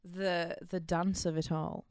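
Smooth, low-voiced woman chatting casually. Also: little pitch movement, takes it slowly, a little mellow, no room sound, clean studio sound. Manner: rambling, with many fillers; laughs easily. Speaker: podcast co-host. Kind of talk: casual chat.

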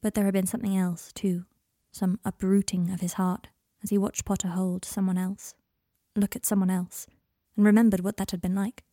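A woman narrating a story in a calm, measured reading voice. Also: mid-range voice, no room sound, clean studio sound. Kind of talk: audiobook narration of fan fiction.

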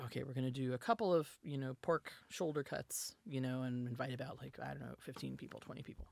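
Gravelly-voiced woman from the South. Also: sits low, no echo. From American South. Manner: chatty storyteller, many restarts and asides. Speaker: podcast guest. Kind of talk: casual chat.

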